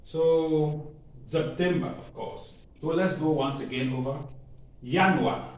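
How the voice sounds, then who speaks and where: A man with a Ghanaian English accent teaching a language lesson, patiently repeating words slowly for learners. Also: a little high, darkish tone. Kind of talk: slow spoken language lesson. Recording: echoey room, mic far off.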